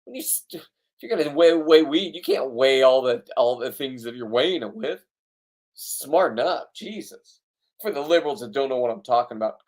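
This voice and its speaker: A man rants through a voice-over of his own fishing video, blunt and boastful with plenty of swearing. His voice sits at an ordinary middle pitch. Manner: blunt, profane, ranting, boastful. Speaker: fishing vlogger.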